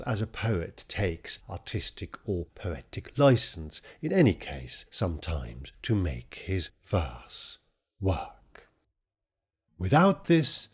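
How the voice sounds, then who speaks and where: A man hosting a podcast, reading verse aloud and explaining it in a deliberate, lecturing way. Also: mid-range voice, darkish tone, slightly rough. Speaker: podcast host. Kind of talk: scripted explanation of poetry.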